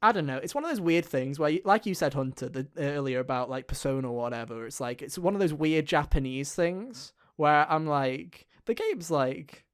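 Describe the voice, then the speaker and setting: A man's voice: fairly high pitch, animated, normal speed, hardly any pauses, smooth. Rambling, swearing gamer guy. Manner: rambling, profane, lots of fillers. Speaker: podcast co-host. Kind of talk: casual gaming chat.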